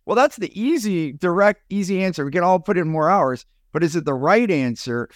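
A man's voice: high voice, a little fast, few pauses, no echo, clean studio sound. A man co-hosting a podcast, chatting casually and acting out his own past remarks as he tells stories. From United States. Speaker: podcast co-host.

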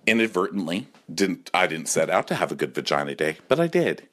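A man's voice: low-pitched, sing-song, fairly quick, fairly bright tone. A man in his forties delivering a campy, profane comic monologue at home, often acting out other voices. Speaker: comedy podcast host.

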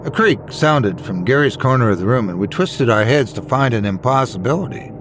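Male horror storyteller, mid pitch, very expressive delivery, soft music bed. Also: brisk. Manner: dramatic, expressive.

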